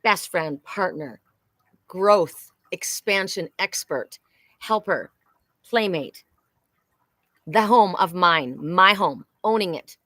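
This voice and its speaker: A woman's voice: fairly low pitch, pushed and bright, no room sound. A middle-aged woman hosting a psychic live stream, talking candidly and emotionally, often repeating herself and swearing.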